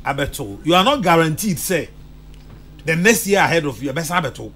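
A man's voice: fairly high pitch, big pitch swings, moderate pace, fairly bright tone, husky. A man with a Ghanaian accent hosting a radio show, in casual, teasing chat.

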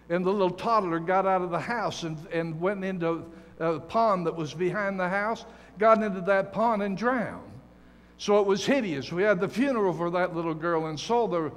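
Emphatic older preacher, high voice. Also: male voice. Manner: emphatic, folksy preaching with jokes and stories. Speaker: guest preacher. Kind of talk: sermon. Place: church sanctuary. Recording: long church reverb.

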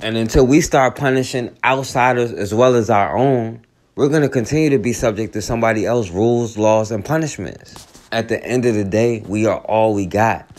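A man's voice: fairly low pitch, moderate pace, a little mellow. A man hosting a talk radio show, giving an earnest, preachy commentary monologue.

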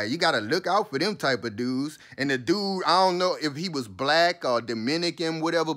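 A man's voice: fairly high pitch, fairly bright tone. A man giving a heated, profane and sarcastic commentary, talking straight to his listeners. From New Orleans, USA. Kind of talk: ranting commentary.

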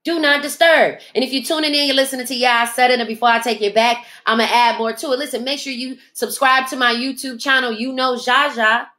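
A woman's voice: on the high side, fairly even intonation, fast talker, few pauses, sharp tone. A woman hosting a podcast, delivering an emphatic, preachy motivational monologue. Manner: emphatic, preachy, speaks in dialect, mimics others in asides. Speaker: podcast host.

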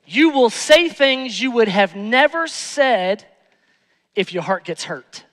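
Man, pastor preaching, very high voice, repeats lines for emphasis, long church reverb. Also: lively intonation, slow pace, a bit bright. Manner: emphatic, repeats phrases, rhetorical questions. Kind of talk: sermon. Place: church sanctuary.

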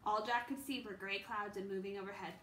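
A woman's voice: mid-range voice, fairly even intonation, brisk, a bit bright. A woman reading a children's book aloud, unrehearsed, with small stumbles and restarts. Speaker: reader. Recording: echoey room, faint background noise.

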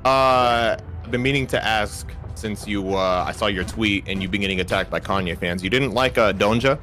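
A man's voice: lowish voice, normal speed, faint music behind, rough recording. A man in casual gaming chat with friends, laid-back and teasing. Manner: teasing, laid-back, breaks into laughter and shouts. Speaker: gamer.

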